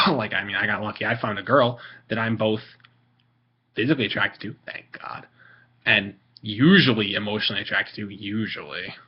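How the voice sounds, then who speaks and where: A man's voice: fairly low pitch, fairly quick, slightly rough, muffled recording. A teenage boy ranting casually on a vlog, rambling with lots of fillers, restarts and swearing. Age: teens. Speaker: video maker.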